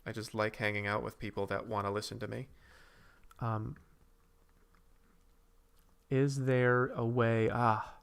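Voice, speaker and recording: Gravelly man chatting on a livestream. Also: on the low side, little pitch movement, unhurried, pauses often, fairly bright tone. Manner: rambling, reads and answers chat; drawing while talking. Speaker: streamer host. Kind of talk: casual livestream chat.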